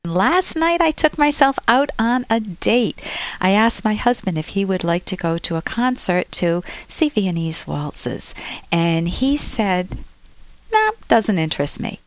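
A woman's voice: medium pitch, animated, a little slow, dry recording. A woman hosting a relationship advice podcast, talking in a chatty, rambling way and correcting herself as she goes. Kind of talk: casual advice talk and anecdote.

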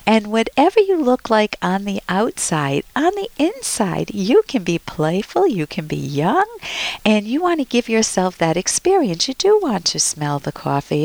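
An older woman hosting a radio advice show as a psychologist, chatty and gently encouraging, sometimes acting out playful quotes. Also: mid-range voice, creaky, no echo. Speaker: radio call-in psychologist host.

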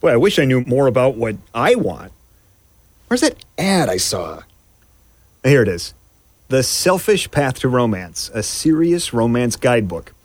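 A man's voice: mid-range voice, sing-song, unhurried, no echo. A man playing a wry, puzzled guy. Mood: musing. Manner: musing, wry. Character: puzzled young man musing about romance.

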